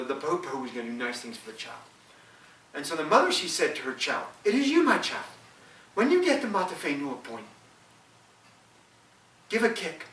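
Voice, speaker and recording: Heard from a distance in a roomy space, a man with a mid-range, bright, forceful voice tells a traditional legend. He repeats phrases as he goes and stops to explain old customs.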